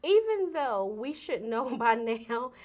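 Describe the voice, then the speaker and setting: A woman's voice: fairly high pitch, sing-song, slow. A woman, a guest on an interview show, talking earnestly and emphatically about her outreach work. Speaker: guest from an AIDS service organization. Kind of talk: casual interview conversation.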